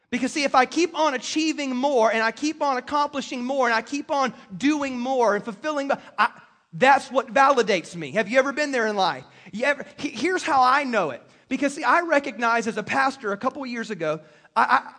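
A man preaching a sermon as pastor, emphatic and full of quick restarts, in a church. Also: very high-pitched, pushed and bright. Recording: long reverb of a large hall.

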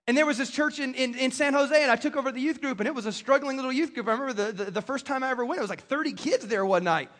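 A man preaching a sermon as pastor, emphatic and full of quick restarts, in a church. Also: very high-pitched, fairly bright tone. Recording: long reverb of a large hall.

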